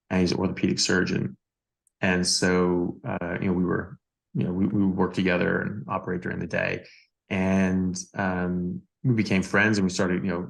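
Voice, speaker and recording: A deep-voiced man with a gravelly edge tells a story on a podcast. He talks casually as a doctor guest, circling back with fillers and doubled words. His delivery stays animated and loose.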